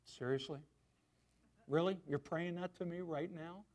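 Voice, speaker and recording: A man's voice: sits high, huge pitch swings, normal speed, darkish tone, slightly rough, heavily acted. A man voicing God as a firm, fatherly figure chiding a sulking prophet. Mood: sarcastic. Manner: firm, chiding, dry sarcasm.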